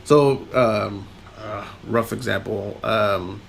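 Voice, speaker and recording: A man's voice: fairly low pitch, steady tone, slow, vocal fry, slight background noise. A man co-hosting a podcast, rambling through a film recap in casual chat and laughing often. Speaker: podcast co-host.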